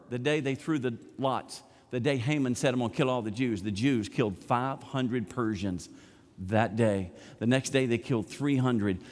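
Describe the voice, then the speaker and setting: A man's voice: mid-range voice, darkish tone. A middle-aged male pastor preaching a sermon, animatedly retelling a story and acting out the characters' lines. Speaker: senior pastor. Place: large church sanctuary. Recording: long church hall reverb.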